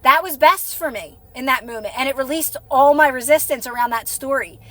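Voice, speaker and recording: A woman's voice: high voice, brisk, a bit bright, no echo. A woman hosting a live stream, chatting casually and encouragingly with her viewers, rambling and restarting her sentences.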